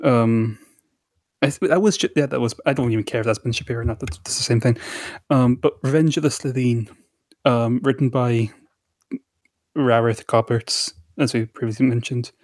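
A man's voice: medium pitch, fairly even intonation, normal speed, a little mellow, no room sound. Man as podcast co-host, rambling fan chat, dry booth sound. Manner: rambling, hesitant with many ums and restarts.

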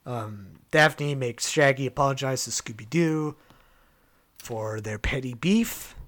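Animated man on a comedy podcast. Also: mid-range voice, slow pace. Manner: animated, playful storytelling. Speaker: podcast host. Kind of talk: casual comedy podcast chat.

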